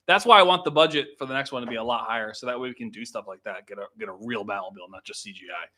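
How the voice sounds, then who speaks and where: A young man who is a filmmaker hosts a casual livestream, chatting with viewers in a bright, forceful, medium-pitched voice at a rapid-fire pace. He laughs often, swears freely, and quotes lines in different voices.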